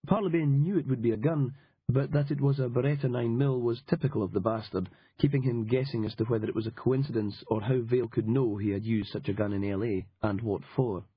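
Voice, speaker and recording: Husky man reading a thriller audiobook. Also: medium pitch, fairly quick, no echo. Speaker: audiobook narrator. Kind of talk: scripted narration. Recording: dull lo-fi audiobook recording.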